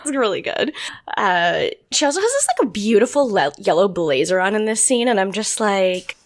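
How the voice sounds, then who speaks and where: A woman's voice: mid-range voice, normal speed. A woman co-hosting a podcast, chatting casually and laughing often as she recaps a show. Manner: giggly, animated, laughs often. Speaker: podcast co-host.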